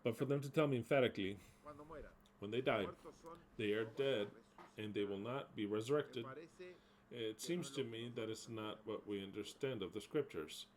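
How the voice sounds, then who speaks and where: A man's voice: fairly low pitch, normal speed, poor audio. A man preaching a sermon, reading scripture aloud and explaining it emphatically. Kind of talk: sermon teaching.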